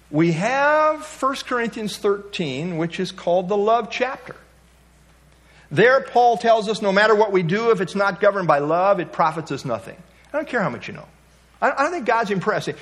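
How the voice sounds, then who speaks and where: Folksy asides and conversational stories fill this pastor's sermon, and he lifts his voice emphatically on key points. His voice is high with a fairly bright tone.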